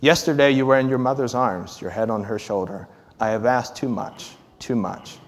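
A man speaks at an ordinary pitch, giving a sermon with earnest, halting phrasing and small fillers between thoughts. When he reads aloud he puts feeling into the words. His voice carries the long reverb of a large hall. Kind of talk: sermon with a story read aloud.

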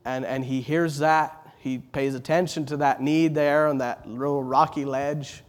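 A middle-aged man preaching a sermon, earnest, repeating words as he builds, rising loud on exalted phrases and dropping soft on tender ones. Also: mid-range voice, fairly even intonation, unhurried.

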